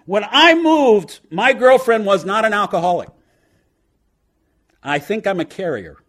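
A man's voice: sits high, animated, measured pace, fairly bright tone, a little hiss or hum. A man sharing his story at a recovery meeting in a humorous storytelling style, punchy and joking, then turning earnest. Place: lives in New York.

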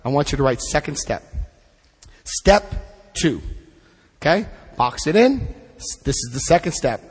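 A man's voice: a little high, a little slow, husky, long reverb tail. Blunt, jokey man leading a workshop. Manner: lively, blunt and jokey, mixing reading aloud with asides. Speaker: recovery workshop leader. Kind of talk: teaching a twelve-step study session.

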